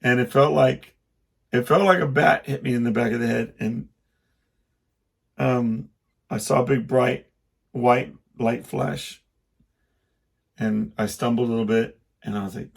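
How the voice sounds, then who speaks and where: Rambling through a personal story in a casual podcast monologue, this middle-aged host interrupts himself and acts out the quotes. He talks a little slowly, with long pauses, in a steady, medium-pitched voice marked by vocal fry.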